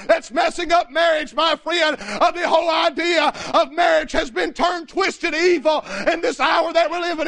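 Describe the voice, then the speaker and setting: Casting note: male pastor, very high, piercing tenor, fiery shouted sermon, keeps calling for amens. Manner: shouting preacher, repeated "amen" and "my friend".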